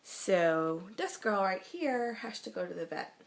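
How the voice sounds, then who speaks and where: A woman's voice: mid-range voice, big pitch swings, a little slow, vocal fry. A woman vlogging in a casual, chatty way, laughing often as she talks. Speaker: beauty vlogger. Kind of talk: casual vlog chat.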